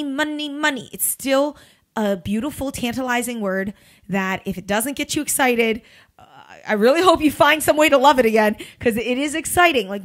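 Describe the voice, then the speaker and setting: A woman in her thirties hosting a podcast in a casual motivational monologue, emphatic and blunt, swearing freely with big swings in pitch. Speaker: podcast host and recruiter.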